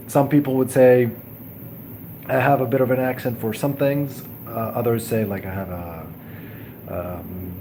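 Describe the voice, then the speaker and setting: A young man from Serbia hosting a casual live stream, chatting and answering viewers with many pauses and restarts. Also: mid-range voice, dark tone, slight background noise. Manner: hesitant, many ums and restarts; friendly, thanks viewers often. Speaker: livestream host. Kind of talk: casual live chat reading viewer comments.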